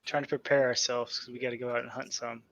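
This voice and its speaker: A man playing a tabletop game, speaking quietly and quickly. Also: medium pitch, little pitch movement, highs cut off. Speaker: player.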